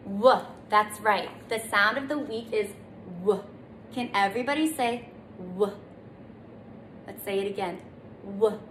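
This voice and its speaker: Slow, sing-song preschool teacher woman. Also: mid-range voice. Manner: slow, gentle, sing-song, stretches sounds. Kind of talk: children's circle time lesson. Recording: echoey room, faint noise.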